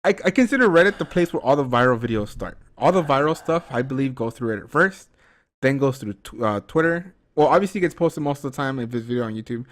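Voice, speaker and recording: A young man hosting a podcast, chatting casually in a rambling, profane, animated way. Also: medium pitch, fast. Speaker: podcast host. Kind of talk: casual chat.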